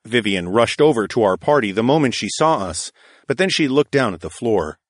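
A man narrating a first-person fantasy story in a steady, even storytelling voice. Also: mid-range voice, normal speed, no room sound, clean studio sound. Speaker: audiobook narrator.

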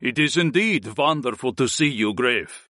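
A man voicing a gruff middle-aged clan chief who speaks slowly and formally. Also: mid-range voice, animated, sharp tone, no echo, clean studio sound. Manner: slow, formal.

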